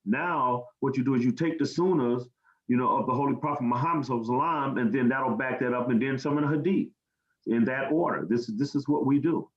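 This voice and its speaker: A man's voice: mid-range voice, fast. Earnest American man in a roomy room. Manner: plain-spoken, earnest, repeats words when searching. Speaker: guest speaker. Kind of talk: storytelling interview answers. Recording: roomy, dull lo-fi sound.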